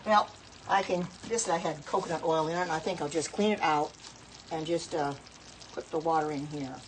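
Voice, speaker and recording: A home cook in middle age talks casually to her viewers over a noisy background as she works at her stove. She has a low voice and a moderate pace, and she rambles and corrects herself along the way.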